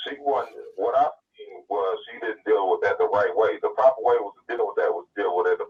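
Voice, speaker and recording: A man's voice: fairly low pitch, brisk. Male caller, hesitant rambling delivery, distant muffled phone-line sound. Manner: rambling, hesitant with many fillers. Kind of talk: phone-in call.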